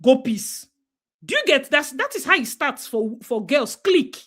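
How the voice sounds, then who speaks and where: A woman's voice: high-pitched, sing-song, normal speed, sharp tone. A woman with a Nigerian accent talking emphatically in a casual discussion, slipping into Pidgin and acting out what parents say. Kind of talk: casual talk-show discussion.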